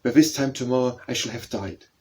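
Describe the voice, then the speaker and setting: A man's voice: mid-range voice, a little fast, mellow, breathy edge, natural voice. A man reading as a pleading little orphan boy. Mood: eager.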